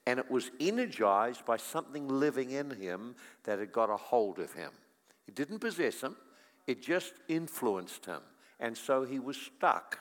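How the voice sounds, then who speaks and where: A middle-aged man preaching a sermon, telling stories and swinging from quiet to loud. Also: medium pitch, lively intonation, measured pace. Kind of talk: sermon with storytelling. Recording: long echo of a large hall.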